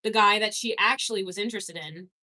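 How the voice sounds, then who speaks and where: A woman's voice: medium pitch, fast talker, pushed and bright. A young woman from Canada chatting casually on a livestream, reading chat comments, swearing and laughing easily.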